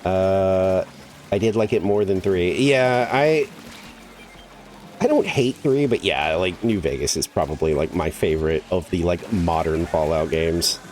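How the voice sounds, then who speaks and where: A man's voice: sits low, a little slow, a little mellow, faint music behind. A man streaming a game, chatting casually and rambling with lots of "like" and casual swearing. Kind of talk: casual chat while gaming.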